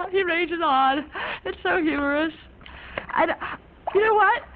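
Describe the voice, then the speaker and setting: A woman's voice: extremely high pitch, slow. An actress playing a young woman on a one-sided phone call, rambling in quirky, ornate slang. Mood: breezy. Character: free-spirited young woman, chatty and offbeat. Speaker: young woman calling a friend. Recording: narrow phone-like sound, faint hiss.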